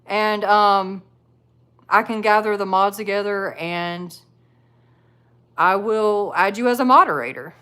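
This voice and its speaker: A woman runs a casual live stream and talks straight to her viewers as she reads the chat. Her voice sits at a middle pitch, and she rambles loosely with frequent laughs and plenty of "like" fillers. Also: slow pace, long pauses, pushed and bright, clear, resonant tone. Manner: chatty, laughs often, many "like" fillers. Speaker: livestream host reading chat.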